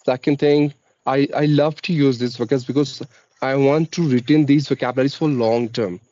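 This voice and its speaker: A man with an Indian accent, talking about learning English with deliberate, careful pronunciation. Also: medium pitch, steady tone, mellow, highs cut off. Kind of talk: casual conversation practice.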